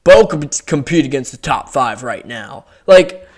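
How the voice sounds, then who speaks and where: A man's voice: mid-range voice, animated, a little slow. A young man ranting about fighters in a heated, profane, exasperated way, as casual commentary. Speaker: MMA commentary YouTuber.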